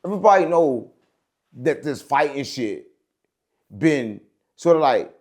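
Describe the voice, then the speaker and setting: Guy rambling thru a story on his channel, kinda high voice, keeps saying right? and gang. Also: lively intonation, measured pace, darkish tone. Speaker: show host. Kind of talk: casual storytelling monologue.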